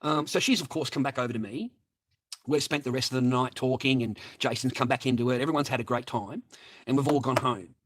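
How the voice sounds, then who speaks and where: A man's voice: mid-range voice, a little fast, a bit bright. A man telling a crude casual anecdote, rambling and swearing constantly while calling his listeners mates and boys. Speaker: storyteller addressing viewers.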